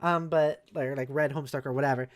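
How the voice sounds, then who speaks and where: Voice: mid-range voice, steady tone, quick pace. A streamer casually reading a story aloud on a live stream, breaking off for joking, sometimes cursing asides to chat. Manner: chatty, swears casually.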